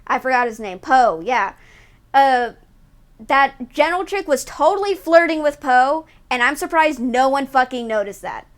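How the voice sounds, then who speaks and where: A young woman streaming, chatting casually with her viewers, ranting loudly and swearing a lot. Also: high-pitched, moderate pace. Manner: swears a lot, ranty and animated. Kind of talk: casual chat with live chat.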